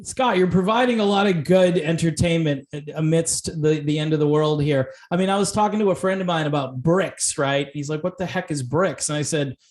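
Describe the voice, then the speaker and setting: Male interview host, easygoing and affable, slightly high pitch. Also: a little fast, hardly any pauses, darkish tone. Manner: affable, laughs along, short backchannels. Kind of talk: casual interview chat.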